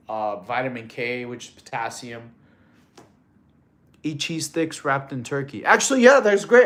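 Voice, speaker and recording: A man's voice: medium pitch, roomy sound. Give me a chatty man hosting a casual fitness live stream. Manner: laid-back, chatty, thanks viewers, counts reps aloud. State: a little out of breath.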